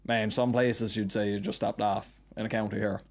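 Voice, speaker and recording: A man's voice: on the low side, little pitch movement. A man in his thirties with a broad Newfoundland Southern Shore accent, chatting as a podcast guest in a rambling, storytelling way. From Newfoundland, Canada. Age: 30s. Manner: rambling, storytelling, quick with local turns of phrase. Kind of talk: casual chat.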